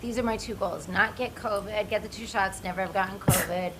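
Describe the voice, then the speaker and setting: A woman's voice: mid-range voice, brisk, background noise. A woman comedian from the United States chatting casually as a guest, joking in a rambling, self-deprecating way. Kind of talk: casual chat.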